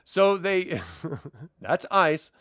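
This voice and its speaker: A woman's voice: lowish voice, extremely slow, smooth, no echo, studio quality. A woman co-hosting a casual TV review chat, retelling scenes with a lot of swearing and laughter. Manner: profane, laughing, animated retelling. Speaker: co-host reviewing a TV episode.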